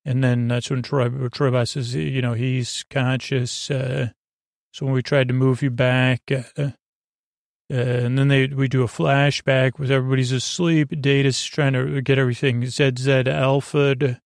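Male podcast host, gravelly and dry, slow rambling recap for falling asleep. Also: medium pitch, little pitch movement, no room sound. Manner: unhurried, loose retelling full of "he goes" and "uh". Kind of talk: sleepy episode recap.

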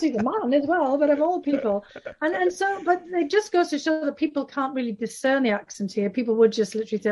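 A woman's voice: high-pitched, animated, fairly quick, a little mellow. A woman with a Northeast English accent, an author answering interview questions at length, with many fillers and restarts. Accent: Northeast England. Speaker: author guest.

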